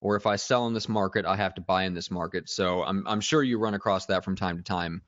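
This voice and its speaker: Low-voiced man hosting a podcast. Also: brisk, no room sound, muffled recording. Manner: relaxed, hesitant with many "uh" fillers. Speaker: podcast host.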